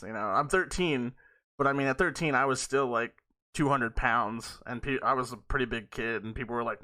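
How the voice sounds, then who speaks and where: Bright-voiced man telling a rambling story. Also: medium pitch, brisk. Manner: rambling, profane, laughs often mid-sentence. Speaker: podcast host. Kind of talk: casual storytelling.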